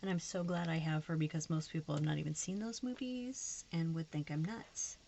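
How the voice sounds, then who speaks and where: A woman's voice: low-pitched, a little fast, creaky, dark tone, slight background noise. A woman chatting casually to camera while she decorates her planner, frank and a little frustrated. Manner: chatty, frustrated, slips into put-on voices. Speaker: planner vlogger.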